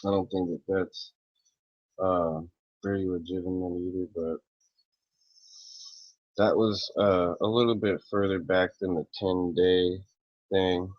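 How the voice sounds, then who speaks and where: A man in a rambling, profane, angry rant to camera who clears his throat often, recorded dull and lo-fi. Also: low-pitched, little pitch movement, takes it slowly, long pauses, no echo. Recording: dull lo-fi, dry close sound.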